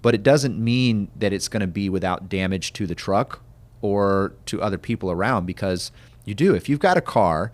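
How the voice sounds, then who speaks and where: Low-voiced man in animated chat. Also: normal speed. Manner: animated, quotes people in voices, many restarts. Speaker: podcast host. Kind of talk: casual chat.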